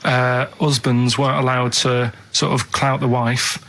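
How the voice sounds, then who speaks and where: A man with a Manchester accent, a radio show regular, telling deadpan stories in casual studio banter. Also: mid-range voice, a little slow. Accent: Mancunian.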